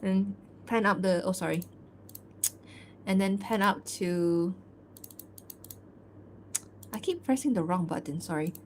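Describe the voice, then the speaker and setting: A woman's voice: mid-range voice, takes it slowly, pauses often, slight background noise. A woman artist chatting casually on a livestream as she works, with a loose, rambling manner and small laughs. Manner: reads fan-fiction narration aloud. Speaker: artist streaming her work.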